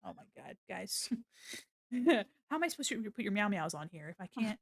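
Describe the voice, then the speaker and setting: A woman streaming her art at home chats casually into a desk mic on an arm, slipping into baby talk with her cat during the live stream. Her mid-range voice is very animated and moves at a moderate pace.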